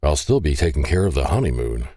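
A man voicing a towering detective who speaks calmly and firmly. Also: very deep voice, quick pace, no room sound, clean studio sound, recorded from a distance, heavily acted. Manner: calm, firm. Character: towering, steady male detective.

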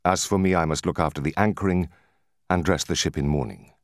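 A man's voice: low voice, brisk, no echo, clean studio sound. A man voicing an earnest, sorrowful young male sailor in an audiobook. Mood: grave. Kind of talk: audiobook character voice.

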